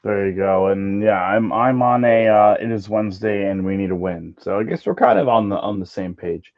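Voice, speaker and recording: A man's voice: fairly low pitch, expressive, moderate pace, gravelly. A man hosting a casual sports betting podcast, joking around with his co-hosts and stumbling over words now and then. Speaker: podcast host. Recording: slightly dull lo-fi audio.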